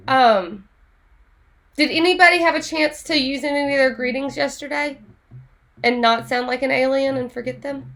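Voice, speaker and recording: A woman teaching an online Spanish class in a chatty, animated way, laughing often. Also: sits high, moderate pace.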